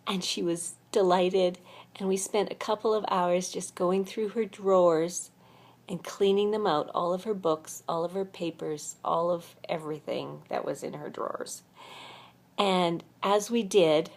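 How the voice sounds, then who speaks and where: A woman vlogger telling a personal faith story in an earnest, heartfelt way, halting often with fillers. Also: lowish voice, steady tone, a little mellow.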